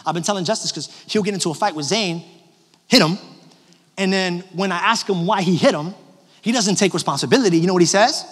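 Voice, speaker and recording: High-voiced pastor preaching in a reverberant hall. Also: male voice, fast talker, slightly rough. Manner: animated, personal, jokes with the congregation. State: slightly hoarse from a cough. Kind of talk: sermon. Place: large church auditorium. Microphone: handheld microphone. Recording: long hall reverb from a large church.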